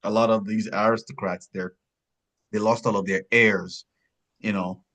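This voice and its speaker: A man co-hosting a podcast, chatting casually about a film, rambling and searching for words, his pitch jumping up when surprised. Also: fairly even intonation, normal speed, fairly bright tone. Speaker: podcast co-host. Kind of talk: casual film review chat.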